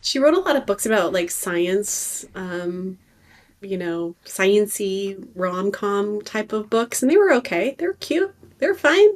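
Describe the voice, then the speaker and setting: A woman's voice: medium pitch, sing-song, slow. A woman co-hosting a podcast in casual chat, chatty and opinionated, rambling through her views. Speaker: podcast co-host.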